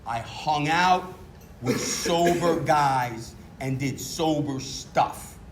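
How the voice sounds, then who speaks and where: A man's voice: a little high, drawn-out words, a little hiss or hum. A middle-aged man giving candid, self-mocking recovery testimony as a meeting speaker. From New York. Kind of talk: personal testimony talk.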